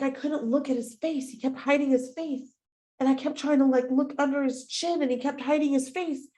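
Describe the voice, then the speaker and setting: A woman hosting a podcast, telling a personal story in an animated, profane, casual way. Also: normal speed. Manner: animated, profane, swings into loud high-pitched retellings. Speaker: podcast host. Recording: roomy echo.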